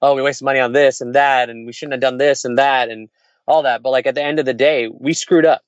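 A man in his forties, an entrepreneur, telling a personal story in casual conversation, frank and quick with restarts and laughs. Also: medium pitch, steady tone, clean tone, no echo, lo-fi sound. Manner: fast, candid, laughs and restarts often. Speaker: entrepreneur, podcast guest.

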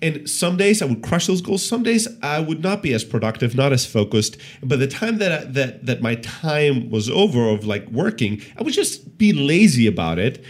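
A man in his thirties co-hosts a casual business podcast. His pitch swings widely as he tells stories, and his voice sits at a middle height for a man. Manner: animated storyteller, lively pitch, quick restarts. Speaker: podcast co-host.

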